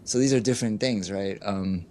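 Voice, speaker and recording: A man's voice: on the low side, normal speed, warm tone, slight background noise. A middle-aged man, a life coach, telling candid stories in an interview, acting out the people he quotes and saying "you know" often. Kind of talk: candid conversational storytelling.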